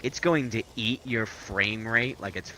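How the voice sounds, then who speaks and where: A man co-hosting casual gaming commentary, joking crudely and rowdily with sudden loud outbursts. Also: on the low side, a little slow, a crowd in the background. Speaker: gaming co-host.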